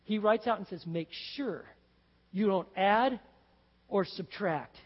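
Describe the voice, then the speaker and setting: A man preaching a sermon as pastor, animated and building to excited shouts. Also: high-pitched, takes it slowly, slightly rough, long reverb tail, dull audio. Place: church sanctuary.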